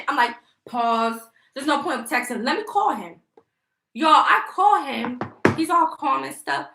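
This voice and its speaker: Young woman, livestream vent, indignant and rambling; bright high voice with some fry, echoey room. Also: normal speed. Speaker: vlogger live-streaming. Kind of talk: casual livestream venting.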